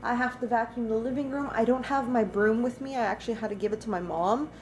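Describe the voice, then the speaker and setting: A woman's voice: on the high side, fast talker, a little hiss or hum. A young woman chatting through a casual daily vlog at home, rambling and talking to her dogs. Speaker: vlogger. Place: at home, indoors.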